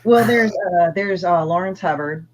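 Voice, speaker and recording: A woman's voice: lowish voice, unhurried, darkish tone, slight background noise, rough recording. A woman comic artist as an interview guest, chatting casually and crudely with lots of fillers. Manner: rambling, crude, hesitant fillers.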